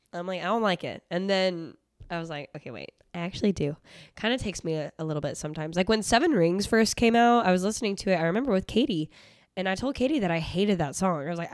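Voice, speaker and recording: A woman's voice: fairly low pitch, no room sound, studio quality. A young woman hosting a casual solo podcast, telling a story in a chatty, rambling way with lots of swearing and filler words. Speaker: podcast host.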